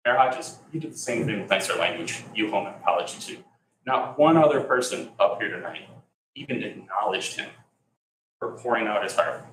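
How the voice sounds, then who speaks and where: A man's voice: fairly low pitch, expressive, a little fast, fairly bright tone. A man speaking with emotion at a council public comment, scolding the council. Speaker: resident giving public comment. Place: council chamber. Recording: echoey chamber, faint hum.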